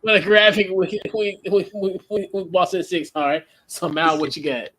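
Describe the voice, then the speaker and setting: A man's voice: high voice, steady tone, normal speed, a bit bright, slight background noise. A man hosting a casual sports chat, playful and laughing often. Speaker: podcast host.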